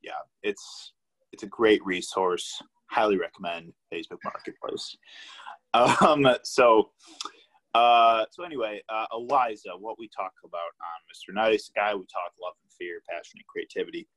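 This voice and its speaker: A young man hosts a casual podcast chat, his voice sitting a little low. He talks in a relaxed, rambling way, swears freely and pads his sentences with fillers. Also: moderate pace, rough recording. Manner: laid-back, swears a lot, many fillers. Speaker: podcast host.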